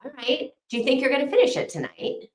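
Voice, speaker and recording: A woman's voice: high-pitched, expressive, fast, roomy sound. A woman hosting a reading sprint, chatting casually and rambling with lots of fillers while she reads out comments. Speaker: host of a reading sprint stream.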